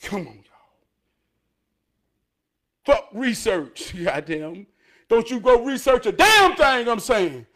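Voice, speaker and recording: In a very high voice, a man gives a fervent, preachy motivational monologue full of emotion. He laughs and swears as he lurches from loud outbursts to quiet, hushed stretches.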